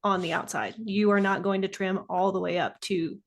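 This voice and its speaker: Flat-voiced woman explaining quilting steps. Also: mid-range voice, normal speed. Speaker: co-host. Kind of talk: live online sewing lesson.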